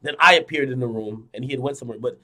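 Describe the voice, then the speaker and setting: A young man streaming, telling a dream to his viewers in a casual, animated way, swinging from loud to hushed, repeating phrases and swearing a lot. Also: medium pitch, rapid-fire. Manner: frequent fillers and profanity. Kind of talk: casual storytelling to a live audience.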